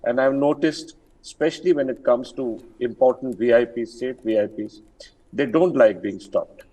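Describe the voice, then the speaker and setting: A man's voice: medium pitch, moderate pace, dark tone, slightly rough. An older man, an army general speaking as an interview guest, firm and emphatic with many fillers and restarts. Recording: distant from the mic.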